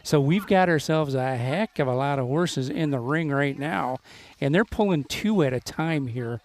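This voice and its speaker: A man announcing a live local event on a microphone, halting often with filler pauses as he reads names off a list. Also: a little high. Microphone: handheld microphone.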